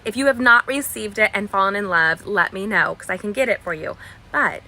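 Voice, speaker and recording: Bubbly, bright-voiced woman crafting teacher. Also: mid-range voice, a little fast, slight background noise. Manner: chatty, bubbly, digressive, greets viewers by name. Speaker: card-making instructor. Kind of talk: live online craft tutorial. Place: cluttered crafting desk.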